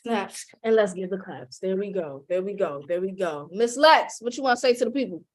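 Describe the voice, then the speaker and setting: A woman's voice: mid-range voice, animated, fairly quick. A woman hosting an online panel, hyping each guest with playful call-and-response introductions. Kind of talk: lively hype-up introductions.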